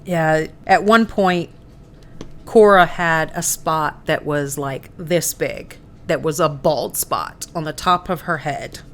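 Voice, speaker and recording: A woman's voice: low-pitched, slow, a bit bright. A woman in her forties hosting a live painting stream, chatting casually and laughing easily. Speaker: host. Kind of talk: casual chat while painting miniatures.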